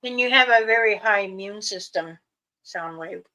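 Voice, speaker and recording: A woman hosting a casual livestream, giving slow, loosely strung warnings and advice to her viewers. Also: mid-range voice, bright, forceful tone, a little hiss or hum, poor audio. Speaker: livestream host.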